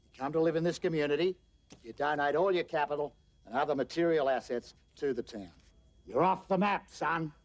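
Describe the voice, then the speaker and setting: An older man with an Australian accent playing a crude, domineering male patriarch of an outback town in a film, in a gruff and menacing way. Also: a little high, brisk, lightly acted. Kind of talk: film acting.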